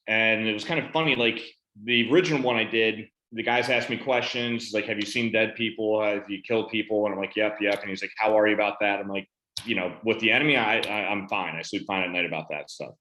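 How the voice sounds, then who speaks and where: A man's voice: fairly low pitch, pushed and bright. A man, a veteran on a panel, casually telling a story about his benefits and retelling conversations in quotes. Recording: roomy echo.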